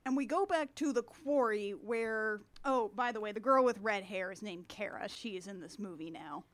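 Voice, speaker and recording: A young adult woman co-hosting a podcast, recapping a film in dry, sarcastic casual chat. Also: mid-range voice. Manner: dry, sarcastic, acts out characters in quick asides.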